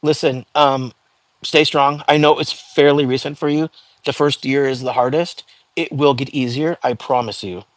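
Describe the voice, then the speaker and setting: A man hosting a casual livestream from home, chatting loosely with viewers, greeting them by name and filling pauses with "um" and "like". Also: mid-range voice, fairly even intonation, no echo. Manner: chatty, frequent fillers, reads out viewer comments. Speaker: livestream host.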